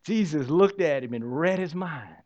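A man preaching a sermon as pastor, swinging from loud exclamations to hushed, drawn-out lines. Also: a little high, expressive, a crowd in the background.

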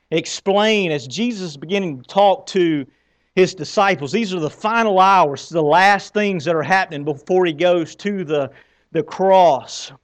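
Man preaching, higher-pitched and conversational. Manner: conversational, asks the congregation questions and moves about the stage. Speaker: pastor. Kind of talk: Easter sermon.

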